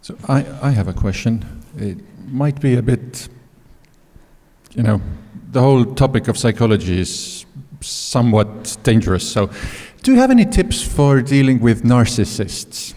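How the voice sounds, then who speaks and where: A man's voice: mid-range voice, big pitch swings, a little slow, warm tone. A man in the audience asking a tentative, hedging question at a conference. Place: conference hall. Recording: distant mic in echoey hall.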